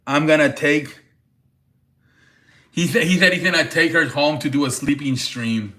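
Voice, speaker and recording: A man with a slightly high, sharp-toned voice hosts a relaxed livestream at normal speed. He chats loosely, curses, laughs, and greets viewers by name.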